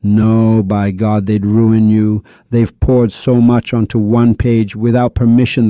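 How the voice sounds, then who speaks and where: A man's voice: medium pitch, warm tone, dry recording. A man giving an impassioned religious lecture, firing rhetorical questions and scolding his listeners. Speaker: religious speaker. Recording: dull lo-fi dry recording.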